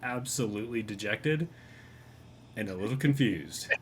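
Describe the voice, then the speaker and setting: A man's voice: lowish voice, expressive, moderate pace, husky. A man playing in a tabletop game, talking casually and a little hesitantly. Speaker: player.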